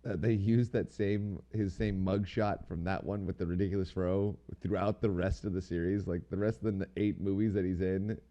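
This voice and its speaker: A man's voice: deep voice, steady tone, normal speed, hardly any pauses, warm tone, lo-fi sound. A man co-hosting a podcast, chatting casually in a rambling, slangy way and swearing now and then. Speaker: podcast co-host. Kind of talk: casual chat.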